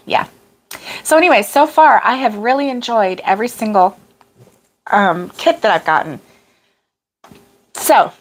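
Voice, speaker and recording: Chatty woman hosting a crafting livestream. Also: medium pitch. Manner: chatty, chuckling, talks back to viewer comments. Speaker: crochet channel host. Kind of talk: casual livestream chat.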